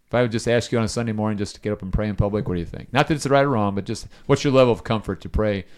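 A man's voice: on the low side, very fast, darkish tone, clean tone. A middle-aged man leading a casual Bible study, telling a story and asking his listeners questions.

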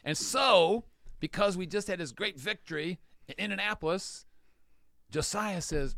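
Lively man leading a Bible study. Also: high-pitched, measured pace, gravelly. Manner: animated storyteller, jokes with the group. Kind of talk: casual Bible teaching.

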